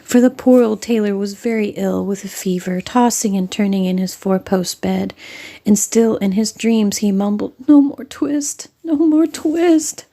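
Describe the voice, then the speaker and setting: A woman reading a classic storybook aloud, narrating in a soft, half-whispered manner. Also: mid-range voice, fairly even intonation, moderate pace, vocal fry.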